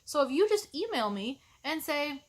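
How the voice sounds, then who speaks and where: A woman's voice: sits high, very animated, normal speed. A woman college instructor ranting to camera in a snarky, sarcastic, exasperated way.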